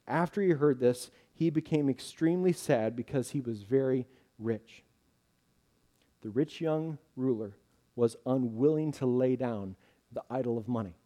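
A man's voice: medium pitch, moderate pace, warm tone. A man preaching a sermon earnestly, rising with emphasis at key points.

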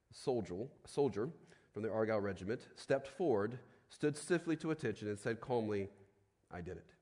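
A man preaching a sermon in a conversational way, often asking "right?", and dropping to a quiet, slow voice for solemn points. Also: lowish voice. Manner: conversational preaching with frequent tag questions. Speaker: pastor. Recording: long hall reverb.

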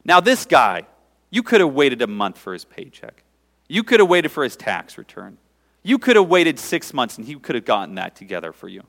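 A man voicing a stern, powerful male king who speaks low and commanding, in a sermon. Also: huge pitch swings, normal speed, creaky, fairly bright tone, in a large hall, heavily acted.

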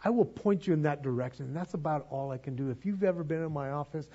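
Earnest pastor with a soft husky voice. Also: male voice, fairly high pitch, quick pace, dull audio. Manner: earnest, repeats words when stirred, pleading. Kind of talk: sermon.

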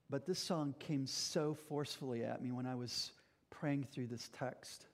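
A man's voice: medium pitch, darkish tone. A man preaching a sermon as pastor, earnest and emphatic, speaking directly to his congregation.

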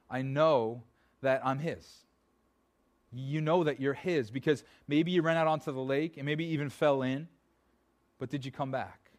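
Man preaching in a conversational style. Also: on the high side. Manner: conversational preaching, dropping to soft pleading then rising. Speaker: pastor. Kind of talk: sermon. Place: church.

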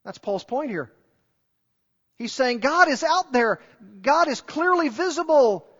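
A man's voice: extremely high pitch, animated, measured pace, fairly bright tone. A man preaching a sermon in an earnest, emphatic way, pressing his listeners with repeated rhetorical questions. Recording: dull recording with long hall reverb.

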